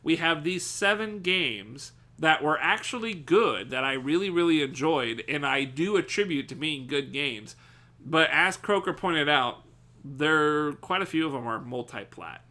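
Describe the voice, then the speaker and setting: During a live stream, an unhurried man on the high side of the pitch range banters casually with his audience. Curses come freely, laughter comes often, and excitement sends him yelling at chat.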